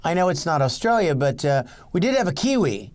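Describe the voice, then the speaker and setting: A man talking as a guest in a casual interview, animated and enthusiastic, often repeating his words. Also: fairly high pitch, fairly quick, slight background noise. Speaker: guest, filmmaker.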